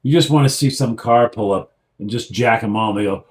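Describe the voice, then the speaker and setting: A man's voice: mid-range voice, fairly quick. A man co-hosting a casual beer review show, telling profane stories and acting out quotes in mock voices. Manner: animated storyteller who acts out quotes in mock voices.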